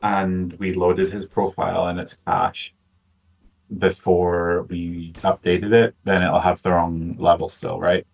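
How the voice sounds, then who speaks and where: A man's voice: low-pitched, flat delivery, slow, creaky. A man leading a game playtest over a voice call, laid-back and joking, swearing casually. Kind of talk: casual voice chat.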